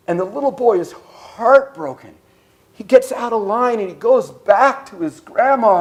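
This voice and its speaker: Animated guy preaching, high voice, throws questions at the room. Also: measured pace. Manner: animated storytelling, questions to audience. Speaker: speaker. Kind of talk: sermon-style talk. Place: church service.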